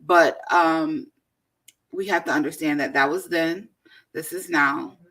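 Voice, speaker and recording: Husky-voiced woman radio host. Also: low-pitched, steady tone, a bit bright. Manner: encouraging, quick affirmations and laughter. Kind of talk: casual radio talk.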